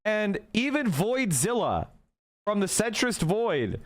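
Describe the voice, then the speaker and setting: Guy streamer arguing politics, bit high voice, keeps repeating his points. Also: big pitch swings. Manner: argumentative, fast-shifting, repeats points. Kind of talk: casual livestream commentary, reacting to clips and chat.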